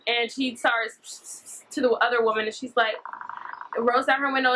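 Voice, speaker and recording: Young woman, bright voice, high-ish pitch, rambling story, faint background noise. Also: steady tone, normal speed, long pauses, low-quality recording. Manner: rambling, filler-heavy storytelling. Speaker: vlogger. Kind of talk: story-time vlog.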